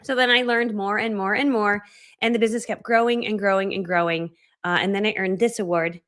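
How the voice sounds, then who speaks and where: A woman in her forties leads a motivational training talk as an online course coach. She speaks in a chatty, storytelling way, mocking herself and acting out her own past reactions. Her voice sits at an ordinary middle pitch for a woman. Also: steady tone, brisk, fairly bright tone. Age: 40s. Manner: self-deprecating, chatty, many fillers like "right?".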